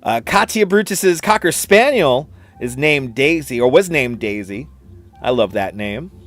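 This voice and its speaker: A man's voice: mid-range voice, animated, measured pace, a bit bright. A middle-aged man with a New York accent hosting a casual live stream, chatting with viewers, repeating himself and laughing often. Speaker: livestream host. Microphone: computer streaming setup.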